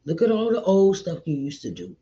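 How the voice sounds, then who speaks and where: A man's voice: high voice, animated, brisk, dark tone. Middle-aged man, raised voice, earnest repetitive encourager; dull lo-fi sound. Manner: repetitive, earnest, preachy, calls listener child and honey. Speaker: author giving encouragement. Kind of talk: motivational talk to viewers. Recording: dull lo-fi recording.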